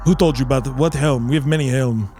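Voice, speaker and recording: A man voicing a gruff haggling male shopkeeper who talks in clipped, broken grammar, over faint music. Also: mid-range voice, fast, darkish tone, natural voice. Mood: curt.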